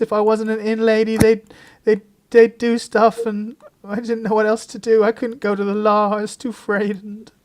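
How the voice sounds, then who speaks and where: A man's voice: sits high, darkish tone, voice pushed up, lightly acted. A man voicing a frightened young woman who pleads through tears in a tabletop game. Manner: tearful, pleading, breathless.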